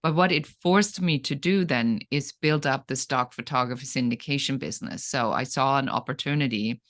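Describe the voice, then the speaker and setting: A middle-aged woman, a guest entrepreneur from Germany, telling her story in an interview with dramatic, animated delivery. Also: very deep voice, moderate pace.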